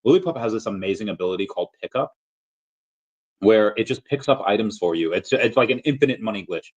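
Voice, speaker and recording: A man's voice: fairly low pitch, expressive, quick pace, darkish tone. A man hosting a casual livestream, rambling and chatting with viewers, full of fillers and restarts. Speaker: livestream host. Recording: dull lo-fi audio.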